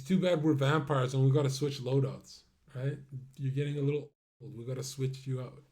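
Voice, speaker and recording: A man's voice: medium pitch, a little fast, dark tone. A man streaming a casual monologue, brash and rambling, with many fillers and asides that trail off.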